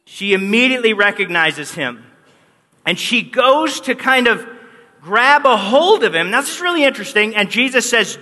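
This man's high-pitched voice is animated, pushed and bright, moving at a moderate pace. He's a pastor preaching a sermon, bringing the story to life and acting out quoted lines, with long hall reverb on the recording.

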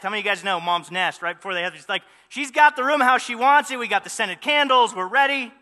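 A man's voice: extremely high pitch, lively intonation, fast, hardly any pauses, bright, forceful tone, in a large hall. A man preaching a sermon, telling the story with animation and many rhetorical questions. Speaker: pastor.

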